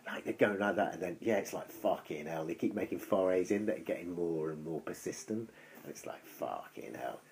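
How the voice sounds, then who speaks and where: A man's voice: low-pitched, lively intonation, fairly quick, a little mellow, a little hiss or hum. A man telling a long, rambling story in casual chat, swearing freely as he goes.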